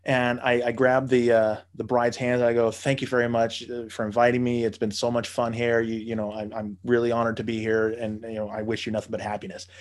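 Brief: male raconteur, mid-range pitch, swears freely, laughs through his own anecdotes. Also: level tone, brisk, hardly any pauses. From United States. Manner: profane, laughing, mimics people in quotes. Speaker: podcast storyteller. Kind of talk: casual storytelling.

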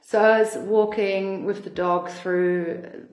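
A woman's voice: medium pitch, fairly even intonation, slow pace, darkish tone, reverberant. A young woman from Germany with a German accent touched by Australian English, chatting casually as a podcast guest and laughing often. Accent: German, with some Australian influence. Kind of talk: casual chat.

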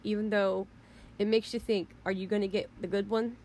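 A woman's voice: mid-range voice, little pitch movement, a little fast, darkish tone, a little hiss or hum. A woman hosting a podcast, ranting in an indignant, heated way with mild swearing and frequent restarts. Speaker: podcast host. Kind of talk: casual rant.

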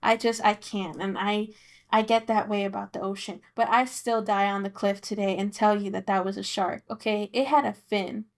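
A woman's voice: medium pitch, little pitch movement, normal speed. A young woman, the daughter co-hosting the podcast, talking in casual chat with insistent, emphatic repeats and restarts.

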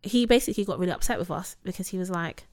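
A woman's voice: lowish voice, racing. A woman in her thirties, casually and candidly telling a personal story with lots of "like" and "you know". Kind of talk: casual conversation.

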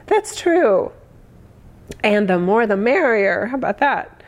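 A woman in her forties, hoarse today, chatting effusively on a livestream, laughing often as she reads comments. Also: medium pitch, very animated, takes it slowly. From United States. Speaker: livestream host. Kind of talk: casual livestream chat reading comments.

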